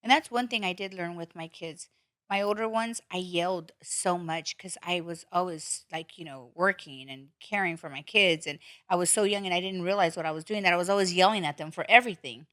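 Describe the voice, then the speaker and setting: A woman's voice: on the low side, a little fast, dry recording, clean studio sound. A woman podcast host in casual chat, telling stories bluntly with plenty of swearing. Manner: blunt, profane, animated storytelling.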